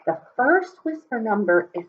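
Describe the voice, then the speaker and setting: A woman teaching a video lesson to young children from home, talking in an animated, sing-song way. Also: on the high side, normal speed, phone-quality sound, slight background noise. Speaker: kindergarten teacher.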